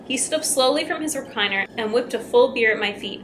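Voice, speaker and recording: A woman's voice: a little high, a little fast, few pauses, a bit bright, faint music behind, rough recording. A young woman reading scary stories aloud as a YouTuber, breaking in with chatty asides.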